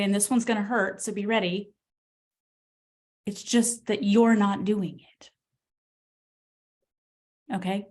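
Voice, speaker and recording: A woman coach on a group call who talks bluntly and with energy, laughing often. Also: medium pitch. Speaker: real estate coach.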